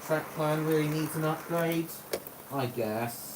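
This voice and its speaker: A man's voice: a little high, slow. A man chatting casually on a live stream while running a model railway, rambling to himself and answering viewers. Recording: roomy echo with faint background hum.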